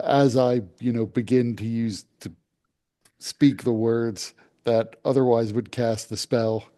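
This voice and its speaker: Mellow-voiced tabletop player man. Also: mid-range voice. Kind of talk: tabletop role-play, describing his character's actions.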